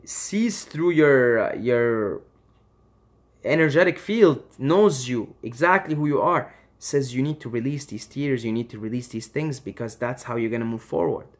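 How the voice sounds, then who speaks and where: A man giving impassioned advice to camera, emphatic and swearing freely, swinging between loud urging and quiet reassurance. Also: medium pitch, lively intonation, moderate pace. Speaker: vlogger.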